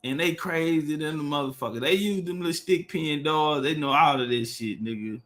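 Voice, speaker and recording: Livestream guy, high bright voice, loose and profane, keeps repeating words. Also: moderate pace. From Texas. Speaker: livestream host. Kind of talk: casual livestream talk.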